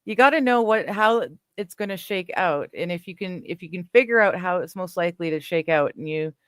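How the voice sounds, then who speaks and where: A woman's voice: fairly low pitch, brisk, clean tone, no room sound, clean studio sound. A woman from western Canada hosts a livestream, chatting casually and answering viewers, rambling easily and laughing often. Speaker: livestream host reading chat. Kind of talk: casual chat.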